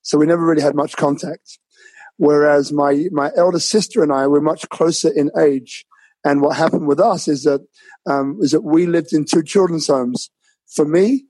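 A man from London with a London accent mixed with Australian, telling his life story as a guest on an interview show over a remote call, relaxed and laughing often. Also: fairly high pitch, no room sound, poor audio. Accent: London English mixed with Australian. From London, England. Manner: relaxed, laughs often, many fillers and restarts. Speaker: guest author. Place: home in Bali, remote call.

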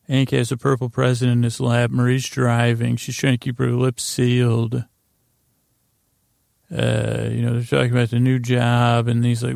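A man's voice: medium pitch, completely flat delivery, unhurried, creaky, darkish tone, no echo, studio quality. A man hosting a podcast, loosely recapping scenes in a rambling way, full of fillers and restarts as he paraphrases what characters say. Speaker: podcast host. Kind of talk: rambling episode recap for sleep.

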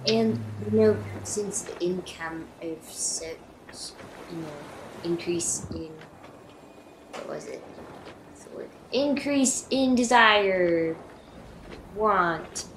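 A woman's voice: on the low side, slow, pauses often, noisy background. A woman playing a tabletop game, talking casually and searching for words. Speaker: player. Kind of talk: casual chat. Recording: roomy echo.

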